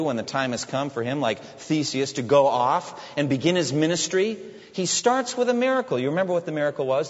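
A man preaching a sermon, expressive, dropping low and quiet when he quotes Jesus. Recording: dull echoey hall recording.

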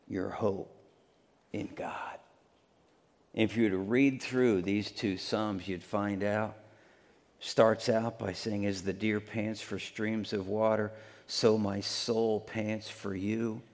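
A man pastor preaching a sermon, swinging between hushed, near-whispered lines and loud, emphatic ones. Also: lowish voice, creaky, long reverb tail.

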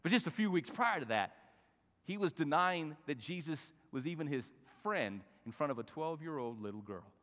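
A man preaching a sermon as pastor, shifting from soft conversational talk to raised, shouting passages and asking the congregation to repeat phrases. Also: on the high side, animated, normal speed, in a large hall.

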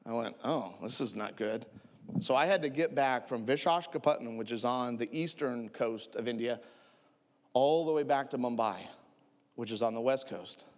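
A man telling a humorous story as a preacher, animated and joking with his audience. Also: medium pitch, moderate pace, big-room sound. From United States. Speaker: traveling preacher.

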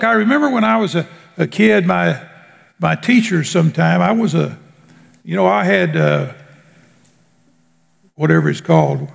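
High gravelly preacher guy, slow emphatic sermon, long hall echo. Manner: slow, emphatic preaching with drawn-out words and sudden drops in pitch.

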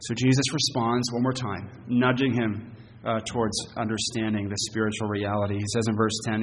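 A man's voice: fairly low pitch, level tone, a little fast. A male pastor preaching an expository sermon, earnest and emphatic, with frequent fillers and restarts. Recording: long reverb, faint hiss.

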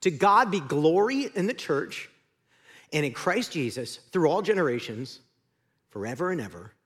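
A man's voice: a little high, sing-song, normal speed, slightly rough. A man preaching a sermon as the pastor, conversational and joking, speaking in a large church auditorium.

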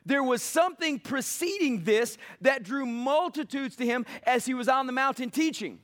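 High-voiced preacher man. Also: lively intonation, moderate pace. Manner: emphatic, building passion, mocks soft quotes. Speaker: pastor. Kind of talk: sermon.

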